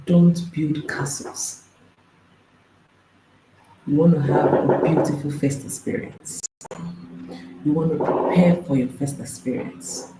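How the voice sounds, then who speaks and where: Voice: medium pitch, steady tone, takes it slowly, long pauses, echoey room, noisy background. A marriage and intimacy coach, speaking to an audience, emphatic and repeating phrases, firing off rhetorical questions.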